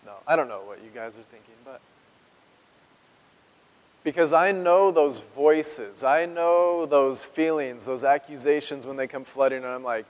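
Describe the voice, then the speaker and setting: A man preaching a sermon as pastor, earnest and emotional, with dramatic pauses and drops to a hush on key words. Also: mid-range voice. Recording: long reverb of a large hall.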